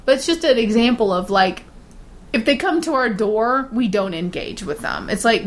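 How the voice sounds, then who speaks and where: A woman's voice: on the high side, lively intonation, normal speed. A woman in casual conversation, telling stories in a chatty way and laughing often. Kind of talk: casual chat.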